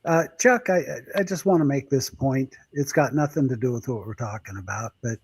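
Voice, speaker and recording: Wry, husky-voiced man. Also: medium pitch, lively intonation, normal speed, no echo. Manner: wry, joking, laughs often. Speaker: podcast host and editor. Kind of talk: casual panel chat.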